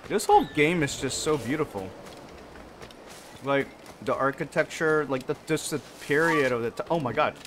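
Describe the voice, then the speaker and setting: A man hosting a casual gaming playthrough, chatting as he plays and breaking into sudden high yelps. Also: normal speed, a little hiss or hum. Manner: chatty, animated, bursts into high yelps and shouts. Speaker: gaming channel host. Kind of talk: casual let's-play commentary.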